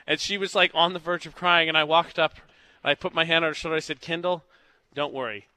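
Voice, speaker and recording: A man's voice: on the high side, steady tone, fast, pushed and bright, no room sound. A young man hosting a morning radio show, telling stories in a joking, chatty way from the studio. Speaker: radio host. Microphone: studio mic.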